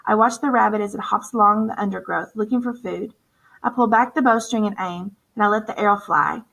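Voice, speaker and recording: A woman's voice: medium pitch, brisk, fairly bright tone, rough recording. Woman reading a novel aloud. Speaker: audiobook narrator. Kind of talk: first-person novel narration.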